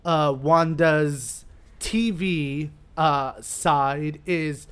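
A podcast co-host chatting casually, animated, often restarting sentences. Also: mid-range voice, very slow, clear, resonant tone. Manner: animated, restarts sentences, reads quotes aloud. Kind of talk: casual chat.

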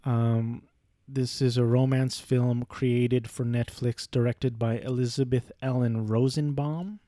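Male reviewer, casual rambling delivery with profanity, warm low-key tone, dry room. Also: flat delivery, slow pace, dry recording. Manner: rambling, profane, self-deprecating. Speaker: movie reviewer. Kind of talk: casual movie review monologue.

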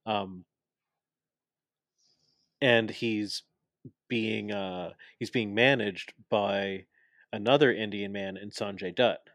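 Brief: young male co-host, lowish voice, dry close sound, opinionated rambling talker. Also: fairly even intonation, slow pace, long pauses, fairly bright tone, dry recording. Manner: opinionated, explains at length with many fillers. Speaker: podcast co-host. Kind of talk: casual chat.

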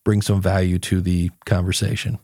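A man's voice: low-pitched, level tone, normal speed, darkish tone, no echo, clean studio sound. A man guesting on a podcast, telling stories in a casual chat and acting out his own quotes.

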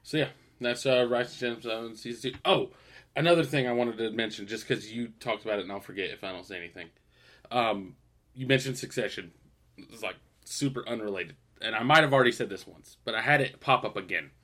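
A man's voice: mid-range voice, fairly quick, sharp tone. A man co-hosting a podcast in casual chat, swearing, laughing and acting out scenes from shows. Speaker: podcast co-host.

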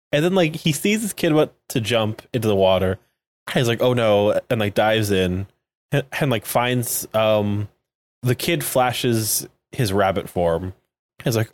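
A man's voice: on the low side, expressive, unhurried. A man co-hosting a podcast, recapping episodes in a rambling, casual way, laughing often and leaning on fillers. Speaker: podcast co-host.

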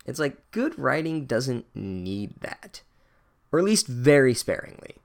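A man's voice: mid-range voice, sing-song, a little slow, vocal fry. A man giving a sarcastic, exasperated and profane comedic book recap. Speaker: book reviewer.

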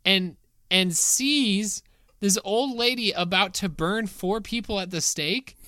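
Woman chatting fast about a movie, bright edgy tone, dry sound. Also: medium pitch, dry recording. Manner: quick, animated retelling with frequent restarts. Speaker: podcast co-host. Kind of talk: casual movie recap chat.

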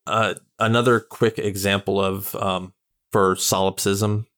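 A man's voice: fairly low pitch, level tone, a bit bright. Hesitant man podcast co-host. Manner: halting, hesitant with restarts. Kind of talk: casual chat, reading definitions.

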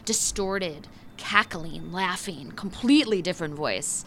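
Lower-voiced woman narrating a tabletop game. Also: measured pace, a bit bright. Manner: vivid, loose narration with fillers. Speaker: game master.

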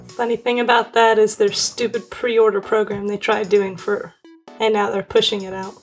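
A woman co-hosting a casual gaming podcast, reading out deals in a deadpan, wry way. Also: medium pitch, moderate pace, soft background music. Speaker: podcast co-host. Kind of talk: casual chat.

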